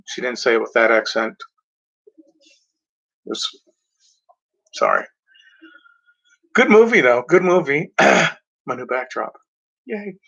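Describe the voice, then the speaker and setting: A man chats about old movies in a loose, rambling way, stopping often to clear his throat and stumble over words. His voice sits at an ordinary middle pitch. The recording sounds a little dull and lo-fi. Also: big pitch swings, sharp tone. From Mexico. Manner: rambling, halting, frequent throat clearing and fillers. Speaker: movie reviewer. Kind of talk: casual movie talk, reading back covers.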